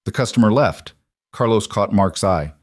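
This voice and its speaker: A man narrating a dramatic story in a steady, measured, scripted way. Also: lowish voice, no room sound, studio quality.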